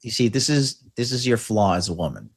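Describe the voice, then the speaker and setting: A man's voice: lowish voice, sing-song, a little fast, creaky, husky. A man hosting a podcast, talking in crude, blunt, rambling banter and provoking his co-host.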